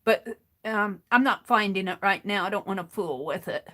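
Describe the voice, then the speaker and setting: A woman's voice: medium pitch, normal speed, a bit bright. A woman hosting a craft livestream, explaining how to clean a paint bottle in a rambling way, restarting her sentences as she works with her hands.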